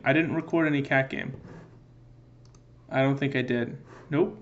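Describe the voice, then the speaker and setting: A man's voice: medium pitch, fairly even intonation, a little slow, highs cut off, a little hiss or hum. A man giving joking let's-play commentary in a playful, goofy way, answering in mock meows. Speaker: gaming video creator.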